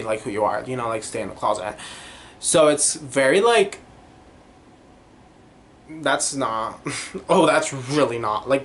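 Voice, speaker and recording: A man's voice: medium pitch, slight background noise. A young man hosting a podcast, rambling through a casual monologue full of tangents, fillers and giggles. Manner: tangent-prone, giggly, animated, lots of fillers. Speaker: podcast host.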